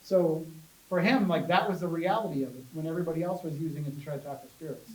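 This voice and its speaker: A man giving a casual public talk about ghost hunting as a chatty, animated storyteller who jokes with his audience. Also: a little high, fast. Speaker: paranormal investigator giving a talk. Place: public library meeting room. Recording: echoey room, voice from a distance.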